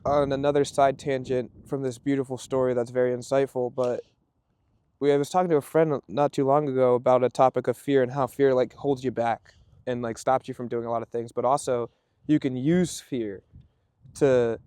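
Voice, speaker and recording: Enthusiastic podcast host with smooth voice. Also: male voice, medium pitch, steady tone, moderate pace, dark tone, no room sound. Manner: enthusiastic, reacts with exclamations. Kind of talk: casual conversational interviewing.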